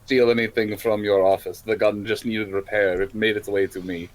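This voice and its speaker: A man voicing a gruff, blustering stallion tinkerer with a put-on Russian accent who speaks of himself in the third person. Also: on the low side, flat delivery, moderate pace, close to an everyday voice.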